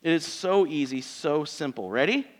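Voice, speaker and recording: A man's voice: a little high, lively intonation, moderate pace. A man in his thirties, a pastor preaching a sermon in church in a conversational, joking way, asking his congregation rhetorical questions.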